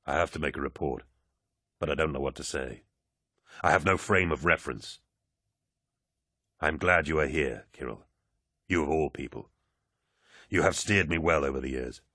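A man voicing a giant male warrior, speaking gravely and in a measured, low way, as an audiobook character voice. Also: sharp tone, dry recording, clean studio sound, heavily acted.

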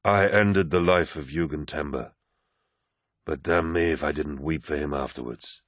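A man's voice: rumbling low, normal speed, dry recording, studio quality, pitched below the performer's own voice. A man voicing a wounded male warlord who speaks in a weary, grave and commanding way, in an audiobook reading.

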